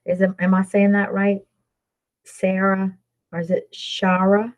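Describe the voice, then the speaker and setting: A woman's voice: medium pitch, flat delivery, quick pace, darkish tone, low-quality recording. A woman from Louisiana with a Southern accent, chatting casually with viewers on a livestream, rambling and reading out their names. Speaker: livestream host.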